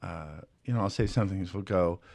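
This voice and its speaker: A man's voice: low-pitched, fairly quick, gravelly, dry recording. A middle-aged man chatting as a guest, telling stories and acting out quotes in a raised voice. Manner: animated storyteller, acts out quotes in a raised voice. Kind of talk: casual chat.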